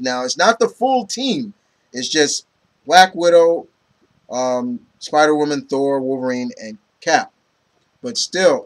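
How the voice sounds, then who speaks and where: A man casually reviewing comic books, rambling with many fillers and retelling scenes from the issues. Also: medium pitch. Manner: rambling, lots of "you know" and "um"; retells scenes, quoting characters.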